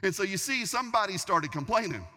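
A man preaching a sermon, telling a story in an animated way, often restarting his sentences. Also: high-pitched, quick pace. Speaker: pastor. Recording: long reverb of a large hall.

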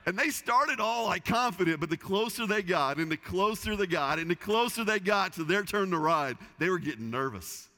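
A middle-aged male pastor preaching a sermon, his fairly high voice bright and forceful. He tells stories in a lively way, often restarting his words. The sound rings with the long reverb of a large church hall. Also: normal speed, few pauses. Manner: lively storytelling with repeated restarts.

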